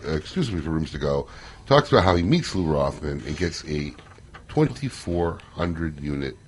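A man's voice: a bass voice, very animated, normal speed, slight background noise. A man hosting a casual interview, prompting his guest through a story. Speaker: host.

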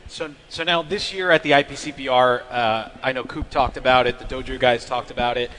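Male host, crisp edgy tone, reverberant room with a little hiss. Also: medium pitch, steady tone, fairly quick, a bit bright. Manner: asks short follow-up questions. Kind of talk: casual interview chat.

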